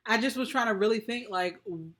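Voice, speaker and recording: Bright-voiced giggly woman podcast co-host. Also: on the high side, fairly quick. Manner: chatty and giggly, laughs often mid-sentence. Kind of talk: casual chat.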